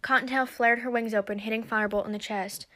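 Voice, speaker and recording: A woman narrating a story aloud in a steady storybook reading. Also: a little high, fast.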